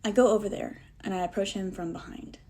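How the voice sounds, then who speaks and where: A woman vlogger telling a personal story to the camera in a casual, animated, self-deprecating way, acting out the dialogue as she goes. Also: medium pitch, a little fast, slightly rough.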